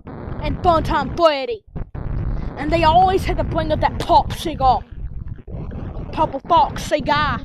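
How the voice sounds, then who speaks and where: Woman, high voice, slow delivery, voicing squabbling toy characters, childish taunts, noisy home recording. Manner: bickering, taunting, childish insults.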